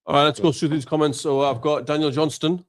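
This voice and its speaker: A man's voice: fairly high pitch, fairly even intonation, fast talker. Guy on a live stream, loose banter, keeps telling folks to share. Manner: laid-back banter, urging viewers to share. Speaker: co-host of an Islamic live stream. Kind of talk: casual live-stream chat.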